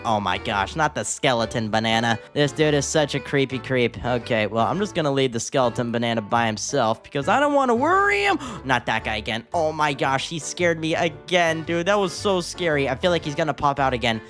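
A man giving excitable gameplay commentary, gasping at scares and calling the viewers dude. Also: mid-range voice. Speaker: gaming YouTuber.

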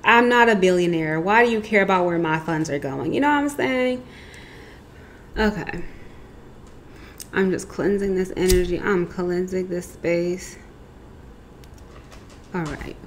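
A woman's voice: on the low side, measured pace, pauses often, slight background noise. A woman giving a casual, chatty tarot reading, rambling with lots of asides. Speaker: tarot reader.

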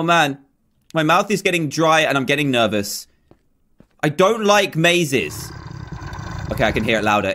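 A man with a fairly high voice hosts a game video, nervously talking himself through a horror map. He sounds jumpy and fidgety throughout, and there is a faint hiss behind him. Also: pushed and bright. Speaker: gaming video host.

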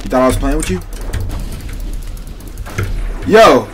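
A man's voice: fairly low pitch, expressive, a little slow, over music. A young man streaming a game, trash-talking in casual slang and talking to his chat. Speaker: gaming streamer. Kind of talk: casual gameplay commentary.

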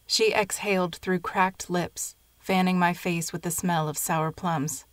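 A woman narrating a short story in a measured, even storytelling manner. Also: on the low side, no echo.

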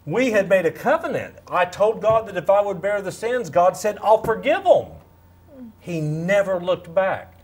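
A man in his fifties sharing a lively faith testimony as a guest, acting out quotes as he tells it. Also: high voice, moderate pace, hardly any pauses, slight background noise. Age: 50s. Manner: animated, storytelling, acts out quotes. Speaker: guest speaker. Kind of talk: faith testimony in a talk show.

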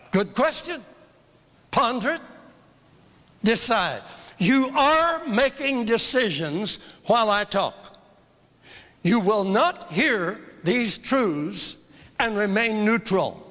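A man's voice: high-pitched, bright, forceful tone. An older man teaching a church seminar in a fervent, emphatic sermon style, repeating phrases for emphasis. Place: church hall. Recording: long reverb of a large hall.

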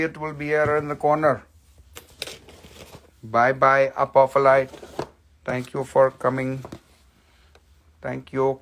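A man's voice: medium pitch, a bit bright, a little hiss or hum. A man hosting a live stream that sells stones, chatting casually, joking and swearing as he goes. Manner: joking, profane, chatty patter. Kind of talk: casual live sales chat.

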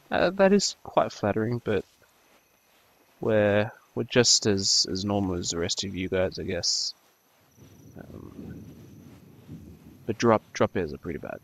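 A man's voice: on the low side, vocal fry. A man of twenty-two from New Zealand with an Australian accent, rambling hesitantly about himself with many ums and restarts while he plays a game. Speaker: gaming YouTuber. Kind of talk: rambling talk over gameplay.

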